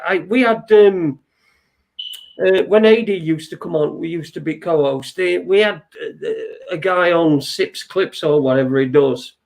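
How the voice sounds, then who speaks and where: High-voiced sweary man. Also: vocal fry, darkish tone. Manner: rambling, halting, sweary. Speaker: host. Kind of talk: casual chat show talk.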